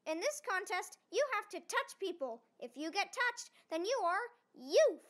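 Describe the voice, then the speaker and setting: Lady doing all the voices in a cartoon, super high and sharp, yelling then mumbling. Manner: quick switches between shrill shouts and flat mumbles. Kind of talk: voicing every character of an animated object show.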